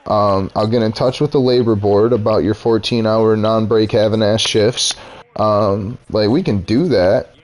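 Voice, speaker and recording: A young man with a somewhat low voice tells a long, profane story to his stream. He gets heated as he replays the argument, voicing both himself and his boss in quick, angry bursts. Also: steady tone, darkish tone. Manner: profane, heated retelling with quoted dialogue. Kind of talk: casual storytelling rant.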